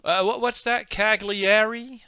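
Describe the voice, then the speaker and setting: A man voicing a hospitable male adventurer who plays the Southern gentleman, in a Southern US accent with a showy manner. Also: a little slow, no room sound, lo-fi sound, exaggerated voice. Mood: surprised. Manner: showy, hospitable, lively pitch swings.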